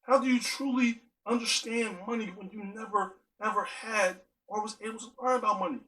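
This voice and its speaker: A man's voice: high-pitched, steady tone, a little fast, sharp tone, low-quality recording. A man giving an earnest spoken monologue, driving his points home with strings of rhetorical questions.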